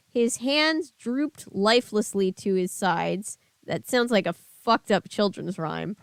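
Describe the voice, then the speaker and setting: Smooth-voiced woman reading aloud. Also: medium pitch, takes it slowly, hardly any pauses, no room sound. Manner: casual, chatting with live chat. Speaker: streamer.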